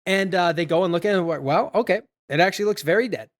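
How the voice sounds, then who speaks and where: A man on a podcast, retelling a film scene by scene in a loose, rambling way. His voice sits a little high for a man. He drops into quoted lines and laughs often. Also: rapid-fire. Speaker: podcast host. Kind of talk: casual movie recap chat.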